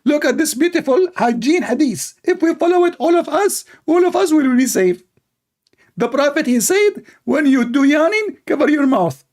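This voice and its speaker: A man's voice: extremely high pitch, lively intonation, normal speed, a little mellow, voice pushed up. A man mimicking an earnest, overexcited male preacher in a sing-song, effusive way. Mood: gushing.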